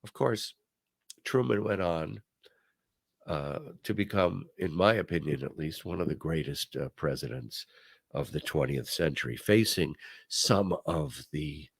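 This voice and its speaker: A man's voice: extremely low pitch, lively intonation, a little slow, creaky, breathy edge, no room sound. An older man hosting a talk show, telling stories about political speeches and quoting famous lines in put-on voices. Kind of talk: conversational commentary.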